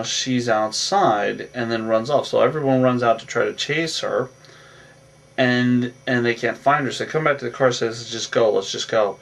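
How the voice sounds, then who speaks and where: In a medium-pitched voice with vocal fry, a man gives a casual, rambling recap of a film, stumbling through fillers and restarts and saying "on that" again and again. He's captured from far off the mic, with faint music audible.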